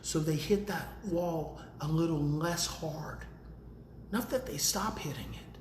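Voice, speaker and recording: A man teaches parents in a casual live stream, his fairly high voice dropping low and calm, then climbing loud and emphatic. The room has a noticeable echo. Faint background ambience sits under him. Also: slow, slight background noise. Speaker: parenting educator hosting a daily live video.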